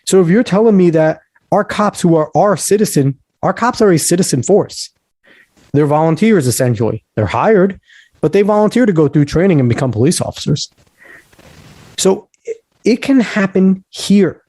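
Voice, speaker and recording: A man's voice: sits high, animated, normal speed, a little mellow, no echo. A man hosting a podcast, ranting with heated emphasis and lecturing on history. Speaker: podcast host. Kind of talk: casual podcast talk.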